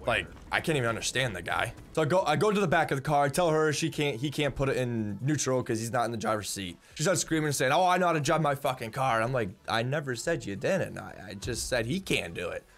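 A man's voice: medium pitch, expressive, fast, few pauses, fairly bright tone. Young man telling a rambling story. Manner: rambling, repeats words, blunt and profane. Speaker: vlogger. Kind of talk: casual spoken storytelling.

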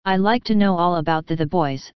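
A woman voicing a spirited, proud young woman with quick, bright replies. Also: lowish voice, clear, resonant tone, no echo, lo-fi sound, lightly acted. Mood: eager.

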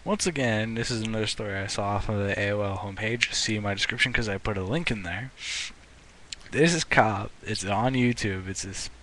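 A man's voice: on the low side, a little fast, a bit bright. A young man ranting into the camera as a vlogger, swearing a lot and often restarting his sentences. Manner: profane and indignant, restarting often. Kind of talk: ranting commentary.

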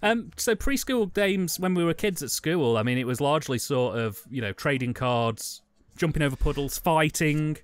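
Deadpan English man, pitched higher. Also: moderate pace. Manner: dry, deadpan absurd jokes. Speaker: podcast co-host. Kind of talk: casual film commentary banter.

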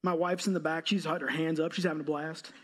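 A man's voice: a little high, little pitch movement, fast talker, slightly rough. A man in his thirties, a pastor giving a sermon, telling a self-mocking, humorous story. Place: church.

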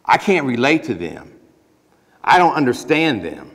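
Emphatic pastor preaching in an echoing church. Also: male voice, mid-range voice, huge pitch swings, a little slow, a bit bright. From Ohio. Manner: emphatic, conversational preaching with plain everyday phrases. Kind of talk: sermon. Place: church sanctuary. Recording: long church reverb.

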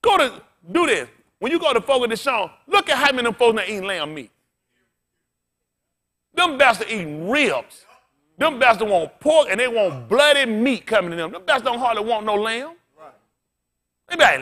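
A man's voice: high voice, lively intonation, fairly quick, bright, forceful tone. A man pastor preaching a sermon in a blunt, colloquial way, swearing freely and firing questions at the congregation.

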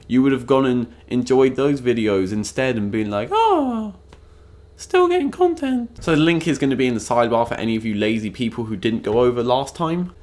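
Sarcastic young vlogger, man. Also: mid-range voice. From England. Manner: sarcastic, jokey, with quick bursts of put-on voices. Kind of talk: comedic vlog monologue.

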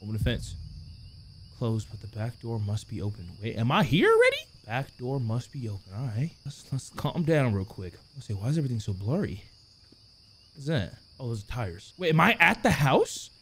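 A man playing a horror game and commenting, excitable, cursing, shouting, then muttering to himself. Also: medium pitch, normal speed, a little hiss or hum. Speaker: gaming YouTuber.

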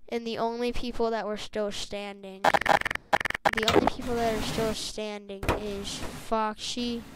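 A woman narrating a ragdoll fight in a game, blurting sound effects and rushing through excited play-by-play. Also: mid-range voice. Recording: loud background noise.

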